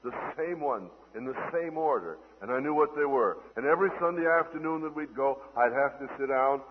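A man preaching a sermon, swinging between loud declaiming and hushed, tender asides, heard on an old lo-fi radio broadcast. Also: medium pitch, animated, a little fast, long reverb tail.

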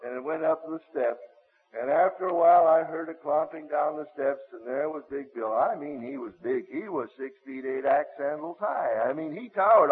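A man's voice: mid-range voice, slightly rough. An older man preaching, telling a story from his own past in a vivid way with hesitant restarts. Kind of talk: sermon storytelling. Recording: tinny old radio broadcast.

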